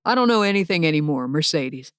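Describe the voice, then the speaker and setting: A woman's voice: deep voice, expressive, fast talker, clean tone, dry recording, clean studio sound. A woman voicing an angry, hurt young man whose fiancée is leaving him, bitter and accusing.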